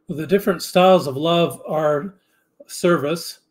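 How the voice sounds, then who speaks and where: A man speaks as a podcast guest with an earnest, halting delivery. His voice is on the high side for a man. He often stops and restarts his sentences as he works through his thoughts. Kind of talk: casual interview chat.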